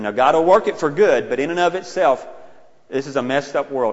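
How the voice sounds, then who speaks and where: A man's voice: fairly high pitch, lively intonation, a little fast. Male preacher, conversational sermon delivery, mid-range voice; muffled recording with long reverb from a large church hall. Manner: conversational preaching, rising to loud emphatic retellings. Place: church sanctuary. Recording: dull, reverberant hall sound.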